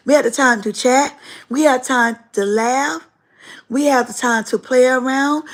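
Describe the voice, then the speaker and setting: Animated woman chatting on a livestream. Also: sits high. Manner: animated, emphatic storytelling with repetition. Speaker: livestream host and teacher. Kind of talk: casual livestream chat.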